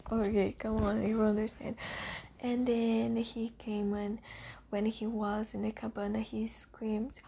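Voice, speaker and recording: A woman casually retelling a book's story, halting and searching for words, half whispering and swearing now and then. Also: on the high side, flat delivery, gravelly, dark tone, a little hiss or hum. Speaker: reader retelling a book.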